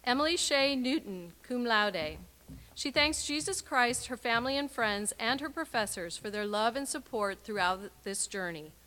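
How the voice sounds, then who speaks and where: Bright-voiced woman announcing graduates. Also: a little high, expressive, moderate pace, few pauses. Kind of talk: reading graduate names and messages. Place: university graduation ceremony.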